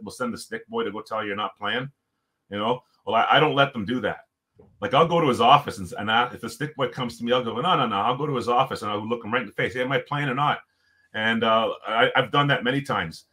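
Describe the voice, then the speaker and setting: A middle-aged man from Jamaica, a former pro hockey player, telling a long story in casual talk and acting out what people said. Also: medium pitch. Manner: animated storyteller, acts out quotes, many restarts.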